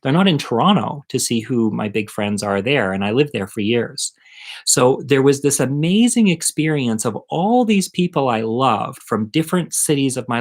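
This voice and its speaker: A middle-aged man telling a personal story at home in a chatty, animated, self-mocking way. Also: fairly high pitch. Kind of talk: casual storytelling monologue.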